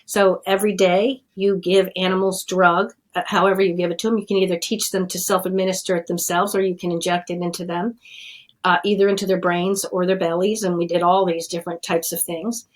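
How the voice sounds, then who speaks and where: Speaking as a guest in an interview, a middle-aged woman addiction scientist shares her story conversationally, plainly and earnestly. Her pitch is fairly low, her delivery flat and fairly quick, and the audio quality is rough.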